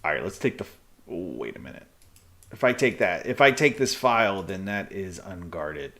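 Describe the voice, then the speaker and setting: A man streaming live chess, thinking aloud in halting, muttered bursts as he calculates moves. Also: low-pitched, very animated, fairly bright tone.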